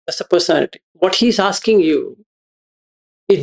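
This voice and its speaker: A man, explaining a meditation teaching to students in a slow, repeating, questioning way. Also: high-pitched, animated, vocal fry. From India. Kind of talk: dharma talk to students.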